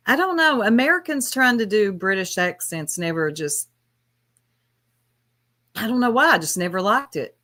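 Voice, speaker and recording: A woman's voice: medium pitch, big pitch swings, slow pace, pauses often, sharp tone. A woman chatting in a laid-back way as a co-host on a casual livestream, laughing easily.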